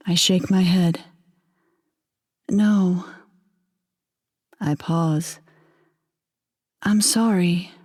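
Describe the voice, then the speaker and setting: A woman narrating a first-person story in a quiet, measured, intimate way. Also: medium pitch, breathy edge.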